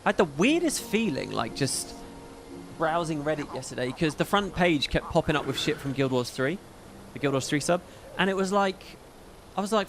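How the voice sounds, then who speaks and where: Brief: chatty male stream host, rather high and very lively, profane and rambling. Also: moderate pace, a little hiss or hum. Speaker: livestream host. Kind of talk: casual livestream chat.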